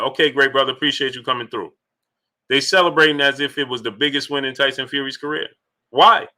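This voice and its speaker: A man's voice: a little high, pushed and bright. A man hosting a boxing livestream in casual chat, greeting viewers by name as he talks loosely.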